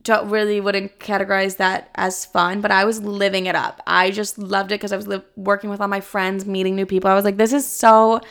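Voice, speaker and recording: A young adult woman telling a casual story about working as a server, animated, filling her speech with "like" and casual swearing. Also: medium pitch, brisk, vocal fry, few pauses, clean tone. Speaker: vlogger recounting past server job.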